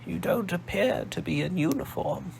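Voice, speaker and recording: A man voicing a sharp-eared, imperious old woman with a posh English accent, speaking slowly and probingly. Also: sits high, lively intonation, vocal fry, slight background noise, pitched above the performer's own voice, exaggerated voice. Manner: slow, probing, commanding.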